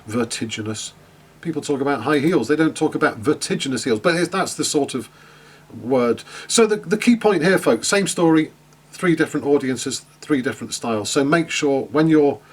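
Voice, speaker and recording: A man with a mid-range, slightly breathy voice teaches an online class in a chatty style. His lecture is full of fillers and restarts, and he keeps asking his students questions.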